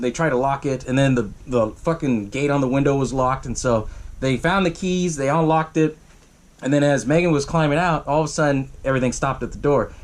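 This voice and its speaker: A man hosting a podcast, casually retelling a horror film's plot in a rambling, profane way, jumping into the characters' lines in raised voices. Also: fairly high pitch. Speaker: podcast host. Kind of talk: casual movie recap.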